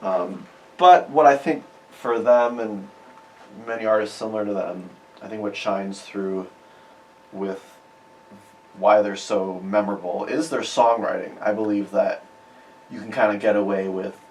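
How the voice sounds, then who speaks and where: A man's voice: on the low side, fairly even intonation, unhurried. A man from Chicago, a musician guest chatting in a radio interview. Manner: chatty, rambling. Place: radio studio. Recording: roomy, distant mic with faint hiss.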